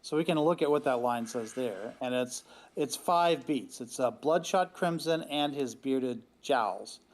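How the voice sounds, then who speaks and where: A man's voice: mid-range voice, a little slow. A man in a casual live discussion, explaining his points and thinking aloud. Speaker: discussion co-host.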